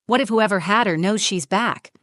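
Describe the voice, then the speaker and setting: A woman voicing a quiet, methodical husband who is shaken and cautious, in a storybook narration. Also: medium pitch, normal speed, dry recording, studio quality, pitched above the performer's own voice, lightly acted. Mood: worried. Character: cautious shaken husband, man, middle-aged.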